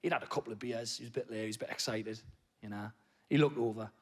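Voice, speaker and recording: A man doing stand-up comedy on stage, telling a story with sudden loud bursts and low muttered asides. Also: quick pace, slight background noise. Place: comedy stage before a live audience.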